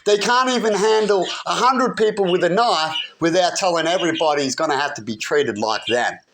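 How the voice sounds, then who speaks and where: A man's voice: high-pitched, a little fast, fairly bright tone. A man ranting heatedly to camera, rambling and often asking "right?". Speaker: vlogger. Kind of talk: agitated personal rant.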